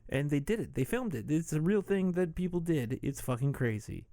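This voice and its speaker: A man's voice: fairly high pitch, lively intonation, moderate pace, mellow, no room sound, clean studio sound. A man hosting a podcast, recapping a movie casually with irreverent jokes and swearing. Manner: irreverent, jokey, swears freely. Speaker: podcast host.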